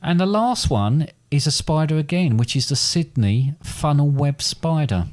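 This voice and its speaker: A man's voice: a little high, lively intonation, unhurried, a little mellow. A man co-hosting a casual podcast chat, rambling and self-deprecating as he talks. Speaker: podcast co-host.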